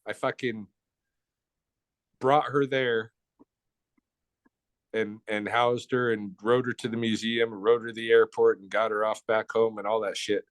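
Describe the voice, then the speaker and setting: A man's voice: fairly low pitch, flat delivery, a little slow, pauses often, no room sound. A man being interviewed, telling a story in casual speech, blunt and profane with slang.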